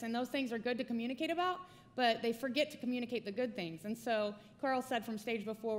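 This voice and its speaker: A woman's voice: fairly high pitch, fairly quick, big-room sound, a little hiss or hum. Woman sharing stories on a church stage. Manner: conversational, personal anecdotes. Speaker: pastor's wife, co-speaker. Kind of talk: sermon with spouse. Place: church auditorium.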